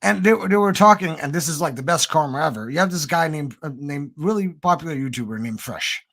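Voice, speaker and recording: A man talks loosely in a casual group chat, his voice gravelly and a bit raised. He rambles and stalls on fillers as he works toward his point. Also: fairly high pitch, expressive, fairly bright tone. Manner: rambling, halting with many fillers. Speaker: panel guest.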